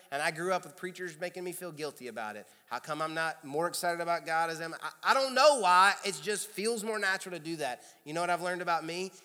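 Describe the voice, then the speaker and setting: A pastor with a Kentucky accent preaching a sermon in a conversational way, with loud emphatic bursts. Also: male voice, on the high side. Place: large church sanctuary. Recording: long hall reverb.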